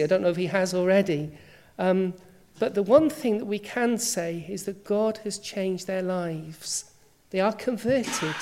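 A woman's voice: mid-range voice, a little mellow. A woman preacher delivering a sermon, emphatic and full of rhetorical questions.

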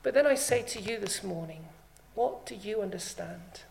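A woman's voice: medium pitch, lively intonation, normal speed, vocal fry, a little mellow. A woman preaching a sermon, emphatic, swelling and dropping her volume to stress points.

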